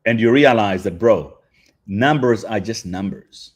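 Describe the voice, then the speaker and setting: A man's voice: on the low side, a little slow. A man hosting a livestream show, chatting in a hyped, slangy way. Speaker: show host. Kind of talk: casual livestream chat.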